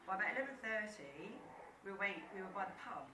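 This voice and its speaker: A woman's voice: medium pitch, expressive, quick pace, background noise. A woman giving a joking wedding reception speech, laughing through her stories about the groom. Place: large room at a wedding reception. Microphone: far camera. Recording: echoey hall, distant camera, loud chatter.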